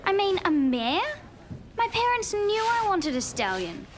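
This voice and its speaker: A woman's voice: very high-pitched, very animated, a little slow, full character voice. An actress playing a spoiled, snobbish rich teenage girl in a TV drama, whining in a haughty way. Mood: sulky. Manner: haughty, whiny complaint. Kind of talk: teen TV drama acting.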